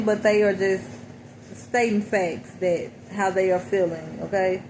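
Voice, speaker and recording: Woman, casual reflective reading, even-toned delivery, audible background noise. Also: medium pitch, unhurried, poor audio. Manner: reflective, repeats "okay?" and "you know". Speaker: spiritual reader interpreting song lyrics.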